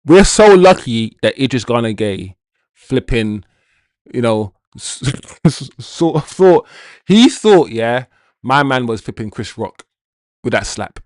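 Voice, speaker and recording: A man's voice: medium pitch, very animated, slow pace, darkish tone, dry recording, clean studio sound. A young man hosting a football watch-along stream, ranting, swearing and talking to his chat. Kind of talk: live-stream commentary and chat.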